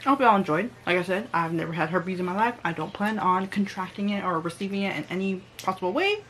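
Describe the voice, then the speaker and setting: A young woman telling a storytime to her channel, animated and slangy, acting out every line people said to her. Her voice sits at a middle pitch. Faint noise hums under the recording. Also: fast talker. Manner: animated, slangy, reenacts quotes. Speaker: vlogger. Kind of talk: storytime vlog.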